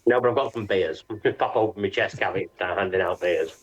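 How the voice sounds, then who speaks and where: A man at a tabletop game with a fairly low voice. He makes dry, wry remarks and laughs at his own jokes. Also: fast, breathy edge. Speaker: player.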